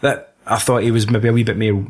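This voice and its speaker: A man's voice: lowish voice, level tone, a little fast, a little mellow, husky. A man in casual chat about a film, rambling and stop-start, swearing and breaking into mocking voices.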